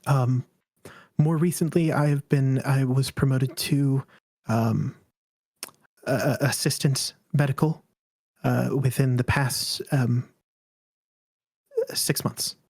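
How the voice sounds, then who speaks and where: A man voicing a terrified adult woman doctor who has survived alone, speaking in a timid, halting way. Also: mid-range voice, steady tone, darkish tone, slightly rough, no room sound, studio quality. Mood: shaken.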